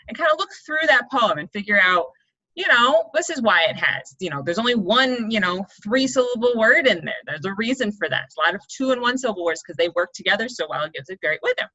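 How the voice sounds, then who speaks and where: In a fairly high, sharp-toned voice, a young woman leads children through a poetry lesson online, checking in often. She's encouraging, breaks everything into steps, and punctuates with "right?" and "okay?" The recording sounds dull and lo-fi.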